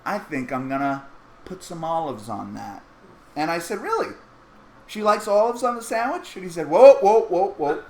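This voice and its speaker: A man with a Canadian accent hosting a podcast, telling a story in an animated way and acting out what people said. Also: on the high side, moderate pace. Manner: animated, acts out quoted voices. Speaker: podcast host. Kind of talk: casual storytelling chat. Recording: echoey room, faint noise.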